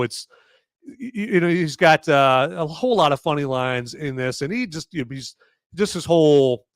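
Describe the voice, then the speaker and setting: A man's voice: mid-range voice, smooth, no room sound, studio quality. Rambling man hosting a live movie review. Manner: rambling, lots of fillers and restarts; sarcastic, animated asides. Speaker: podcast host reviewing a movie. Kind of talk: casual live-stream commentary.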